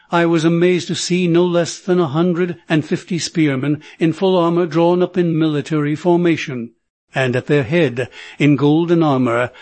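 Male audiobook narrator, steady measured read, slightly high voice. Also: no room sound. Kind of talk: scripted narration.

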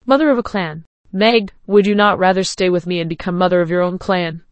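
A woman's voice: lowish voice, steady tone, brisk, no room sound, dull audio, lightly acted. Female reader voicing a blunt, teasing tribesman from a storybook, dry close sound.

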